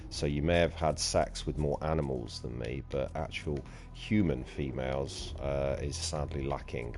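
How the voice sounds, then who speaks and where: A man's voice: very deep voice, a little mellow, a little hiss or hum. A young man hosting a let's play, bantering and teasing his co-host in casual gaming chat.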